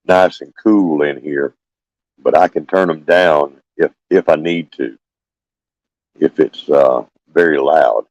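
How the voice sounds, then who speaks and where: Older homestead host, scratchy and low, unhurried folksy live-stream chat, dull phone sound. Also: male voice, darkish tone, no echo. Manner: halting, folksy, many fillers and restarts. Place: small room with fans running.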